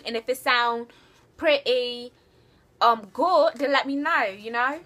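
A young woman chats through a casual vlog Q&A with a high, bright voice. She giggles easily and fills her sentences with "like," talking loosely as if to friends. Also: expressive, takes it slowly. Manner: chatty and giggly, full of "like". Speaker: vlogger answering viewer questions.

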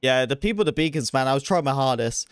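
A man's voice: medium pitch, fast, smooth, dry recording, studio quality. A man streaming a shooter game, chatting casually and rambling, poking fun at his own play. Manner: chatty, rambling, self-deprecating, excitable. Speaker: gaming streamer. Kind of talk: casual gameplay commentary.

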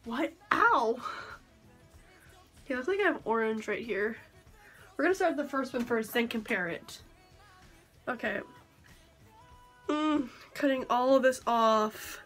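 A woman's voice: a little high, lively intonation, unhurried, long pauses, fairly bright tone, faint music behind. A young woman vlogging casually to camera, rambling and giggling nervously as she talks. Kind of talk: casual vlog chat.

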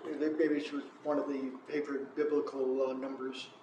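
A man's voice: medium pitch, little pitch movement, mellow, lo-fi sound, a little hiss or hum. A man in a Bible study group asking hesitant questions, from across the room. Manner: hesitant, halting. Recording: echoey room, distant from the mic.

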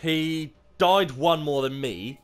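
A young British man giving casual commentary while playing a multiplayer game, excitable and swearing freely. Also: fairly high pitch, slow, smooth. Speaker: gamer.

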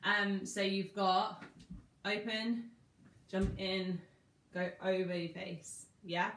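A woman's voice: medium pitch, level tone, slow pace, a bit bright, slight background noise. A woman dance teacher talking through each move of a combination step by step and half-speaking the song lyrics. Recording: echoey room.

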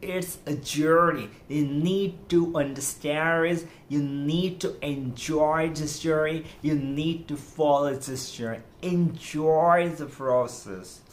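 A man's voice: a little high, fairly even intonation, takes it slowly, hardly any pauses. A man hosting a podcast, giving an emphatic motivational lecture on speaking English correctly, repeating his points to drive them home. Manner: emphatic, repetitive, exhorting.

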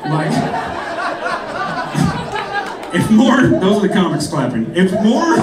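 A man doing a stand-up set, telling rambling stories with laughs and putting on voices for the people in them. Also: very high voice. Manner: rambling storytelling with frequent laughs and mimicked voices. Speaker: stand-up comedian. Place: comedy club stage. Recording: echoey club, mic heard from a distance, crowd laughter. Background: audience laughter.

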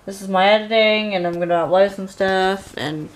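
A woman in her twenties with an English accent, chatting casually to her camera at home as a vlogger, soft-spoken and rambling with lots of fillers. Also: mid-range voice, moderate pace, slight background noise. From England. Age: 20s. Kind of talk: casual vlog chat. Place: at home, indoors. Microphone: handheld compact camera.

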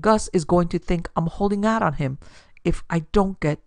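A woman voicing a gruff, boastful older businessman who once tended bar. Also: lowish voice, moderate pace, dry recording, close to an everyday voice. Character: blustering older male businessman, ex-bartender.

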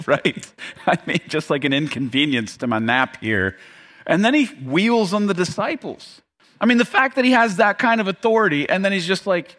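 A man preaching a sermon as pastor, animated and quick to laugh, acting out voices from the story. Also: fairly high pitch.

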